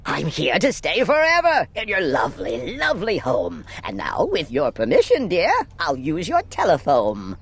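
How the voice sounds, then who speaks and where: A woman's voice: on the low side, huge pitch swings, normal speed, creaky, hardly any pauses, breathy edge, voice pushed down, full character voice. A woman voicing a smug, chatty male glunk creature in a storybook read-aloud, glib and rambling.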